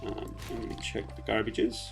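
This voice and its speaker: A man casually commenting on gameplay in a relaxed, chatty way, with frequent hesitations. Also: fairly low pitch, moderate pace, creaky, over music. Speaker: let's play host.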